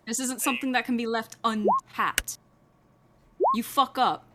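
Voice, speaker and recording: A woman's voice: on the high side, steady tone, unhurried, a bit bright, slight background noise, pitched above the performer's own voice. A woman voicing a threatening, foul-mouthed male cop who swears and pushes hard. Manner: menacing, swearing, pushy.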